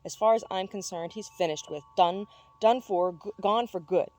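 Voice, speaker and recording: A woman's voice: medium pitch, normal speed, darkish tone, soft background music, close to an everyday voice. A woman voicing a blunt mother who speaks emphatically and with scorn. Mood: emphatic.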